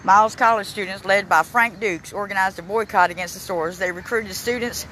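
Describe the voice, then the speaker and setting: A man on a casual walking-tour vlog, filming outdoors in a city park on a handheld phone, reading signs aloud haltingly with stumbles and restarts, and he is emotional, close to tears. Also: high-pitched, bright, forceful tone, slight background noise, poor audio. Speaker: vlogger giving a walking tour.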